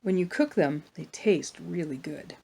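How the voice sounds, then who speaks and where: A woman with a gravelly, low voice reading a children's Bible story aloud for a church. She tells it slowly and gently, adding small asides of her own. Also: animated.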